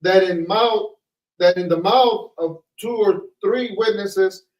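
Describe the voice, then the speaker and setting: A man with a high voice reads scripture aloud slowly and carefully. He sits far from the mic, and the room gives the sound an echoey, roomy quality. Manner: slow, careful reading aloud. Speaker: scripture reader in a study group.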